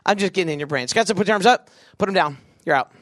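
A young man leading a big youth crowd through a game, joking and doing quick silly voices. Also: high-pitched, fairly bright tone, dry recording, clean studio sound. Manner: goofy, quick asides, acts out voices. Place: event venue with a live audience.

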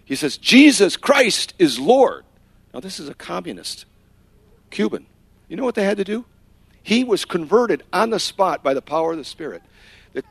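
A man's voice: sits high, fairly bright tone, no room sound. Man preaching through a story. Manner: storytelling, acts out quotes; slips into Spanish phrases. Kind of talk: sermon with personal testimony.

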